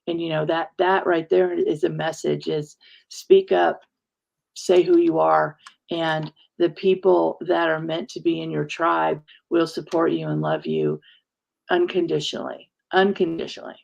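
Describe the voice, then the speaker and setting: Gravelly-voiced woman, halting and heartfelt. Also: sits low, darkish tone, highs cut off. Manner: halting, searching for words, emotional. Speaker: minister and show host. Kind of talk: casual heartfelt conversation.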